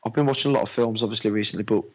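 Fairly low and husky, this man's voice comes through poor audio as he chats about films he's seen. A father, he's loose and talkative, says "mate", and plays out small anecdotes with quick voices.

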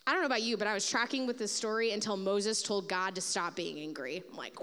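A woman pastor giving a sermon, telling a Bible story in an animated way and acting out its figures. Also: medium pitch, fast talker, hardly any pauses, long reverb tail.

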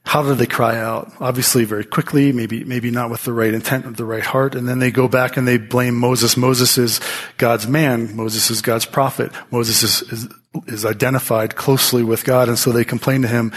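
A man preaching a sermon, telling Bible stories in a lively way, with many rhetorical questions and quick restarts. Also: medium pitch, breathy edge. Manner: animated storytelling with frequent restarts and rhetorical questions. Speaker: pastor.

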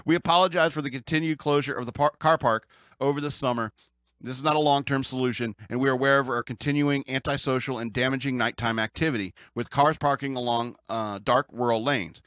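A man's voice: mid-range voice, steady tone, brisk, a bit bright, no echo, clean studio sound. A man with an American accent, chatting casually about the news as a podcast host, rambling and joking, often laughing and restarting his sentences.

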